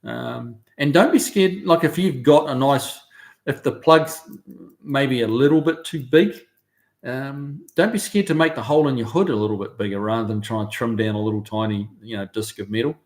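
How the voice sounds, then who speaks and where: This is a relaxed, chatty live stream from a car shop, where a middle-aged man with a New Zealand accent reads out what viewers have written, filling gaps with ums and uhs. He has a mid-range voice and talks at a normal speed.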